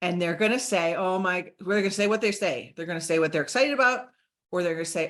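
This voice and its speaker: A middle-aged woman giving an energetic sales training talk to a group, coaching them and acting out sample chats. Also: on the low side, fast.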